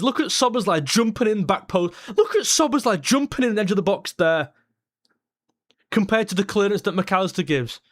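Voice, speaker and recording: A man hosting a live football watchalong, reacting to the match with excitable, blunt comments and swearing at the players. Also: sits high, brisk. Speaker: fan watchalong host.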